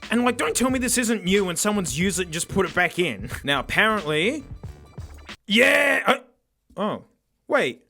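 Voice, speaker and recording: A man with a raspy, hoarse voice, unboxing a gadget in an excitable, mock-dramatic way. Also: high voice, moderate pace, faint music behind. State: hoarse from yelling. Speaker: tech reviewer host. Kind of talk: casual gadget unboxing review.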